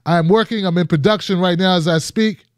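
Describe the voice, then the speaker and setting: A man's voice: sits high, brisk, clear, resonant tone, dry recording, studio quality. A man hosting a political commentary show, talking casually and emphatically to his viewers and often repeating phrases. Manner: emphatic and repetitive, restarts phrases.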